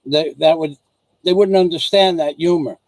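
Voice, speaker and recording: A man from the United States with a fairly high voice hosts a loose, chatty vlog. He circles back and restarts his sentences, slipping into little acted-out exchanges. The sound is dry and close. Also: moderate pace, no room sound, poor audio. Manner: repetitive, restarts sentences, acts out dialogue. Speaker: vlog host. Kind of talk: casual rambling rant to viewers and wife.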